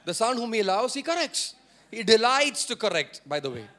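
Pastor guy w a high voice preaching, says stuff twice, keeps asking the crowd to say it back. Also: very animated, normal speed, pushed and bright. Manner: repeats key phrases for emphasis; questions and prompts the congregation. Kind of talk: sermon.

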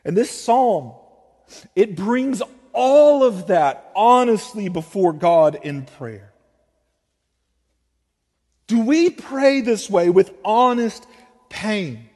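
A man's voice: high-pitched, sing-song, extremely slow, long pauses, mellow. A male pastor, preaching a heartfelt sermon. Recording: long reverb of a large hall.

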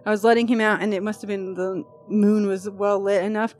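Woman podcast host reading a post out loud, casual and chatty, cusses a lot, soft music behind. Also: mid-range voice, fairly quick. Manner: chatty, swears freely, animated asides.

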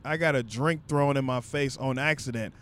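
A man's voice: medium pitch, moderate pace, a bit bright, smooth. A young man vlogger telling a comic story in loose, profane, conversational talk.

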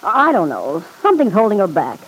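Casting: a sardonic, tired big-city club owner, middle-aged, old-time radio play, medium pitch. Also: female voice, huge pitch swings, fairly quick, slight background noise, poor audio. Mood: wry. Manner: wry, self-mocking, laughs often. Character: wry, weary woman nightclub owner, city-sharp. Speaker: nightclub owner. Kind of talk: 1940s radio acting.

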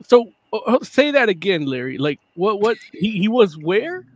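A man's voice: high-pitched, big pitch swings, normal speed. A man in a casual podcast chat, teasing and giggly.

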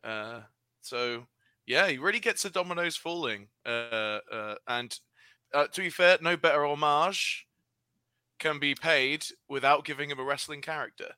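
A man's voice: a little high, measured pace, sharp tone, smooth, no echo. A man co-hosting a casual chat, making dry quips with trailing fillers. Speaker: podcast co-host.

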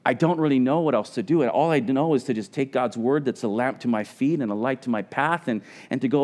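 A man's voice: mid-range voice, brisk, few pauses, a little mellow. Earnest man preaching a sermon. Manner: earnest, conversational preaching with frequent restarts. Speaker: pastor.

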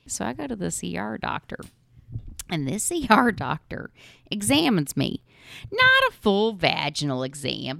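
A woman's voice: fairly low pitch, gravelly, a bit bright, dry recording, clean studio sound. A woman in her forties hosting a podcast, telling crude comic stories and laughing often. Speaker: podcast host. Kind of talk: casual comedic storytelling.

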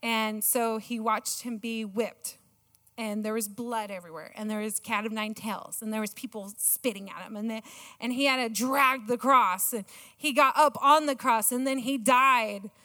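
A middle-aged woman giving a sermon with a personal story, excitable and self-mocking, laughing often. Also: fairly high pitch, normal speed. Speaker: church speaker. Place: church auditorium. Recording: long church hall reverb.

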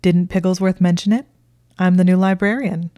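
A woman's voice: on the low side, steady tone, brisk, warm tone, dry recording, natural voice. A woman voicing Malfoy, smug and needling. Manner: smirking, rambling, dismissive. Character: smug, needling young wizard man.

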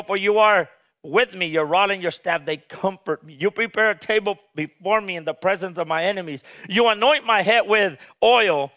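Male pastor, high clear voice, fervent call-and-response sermon delivery. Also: sharp tone. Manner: call-and-response preaching, urging the congregation to repeat; passionate, rises to emphatic peaks.

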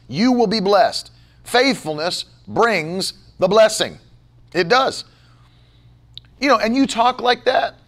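A man's voice: high voice, fairly bright tone. A man pastor preaching a sermon, emphatic and repetitive, firing off rhetorical questions.

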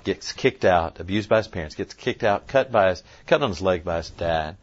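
Low-voiced man telling an animated story. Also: normal speed. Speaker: conference speaker. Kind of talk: storytelling talk. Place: conference room. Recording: dull lo-fi sound, faint noise.

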